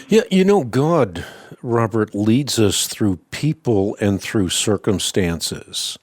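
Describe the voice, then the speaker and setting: Low-voiced radio host giving advice. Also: male voice, expressive, no room sound, studio quality. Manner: measured, earnest teaching delivery. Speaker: radio Bible answer host.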